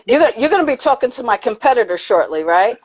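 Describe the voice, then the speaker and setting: A woman's voice: a little high, very animated, fast, rough recording. A woman DJ from the American Northeast, chatting in an upbeat way on a video call and laughing easily. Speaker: DJ, battle contestant. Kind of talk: casual interview chat.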